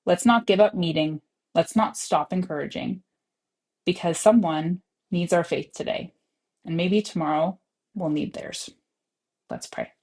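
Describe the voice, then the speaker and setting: A woman's voice: on the low side, a little mellow. A woman with a Canadian English accent giving an earnest, encouraging devotional message and prayer at a church service. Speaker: speaker giving the opening devotional.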